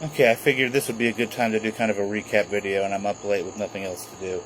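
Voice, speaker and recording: A man's voice: lowish voice, steady tone, quick pace, over music, rough recording. A man in his thirties talking casually to camera in a home video diary, rambling with many fillers and restarts. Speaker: vlogger documenting his inherited house.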